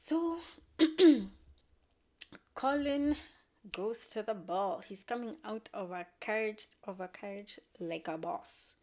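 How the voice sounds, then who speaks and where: A woman's voice: mid-range voice, a little slow. A woman casually recapping a show, slangy and emphatic, acting out the characters' lines as she tells it.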